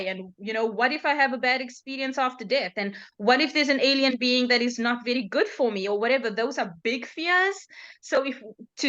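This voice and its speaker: A woman's voice: on the high side, a bit bright. A woman guest in a casual chat, telling a story in a reflective way. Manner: reflective storytelling, with quoted dialogue. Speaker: guest author. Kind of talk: casual conversation. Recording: dull lo-fi sound.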